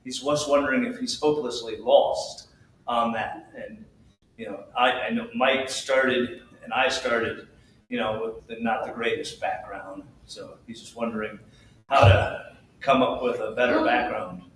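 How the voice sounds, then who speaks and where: A man's voice: mid-range voice, a little slow, a bit bright, slight background noise. A man moderating a live panel, relaying viewer questions in a friendly way. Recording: echoey room heard from far off.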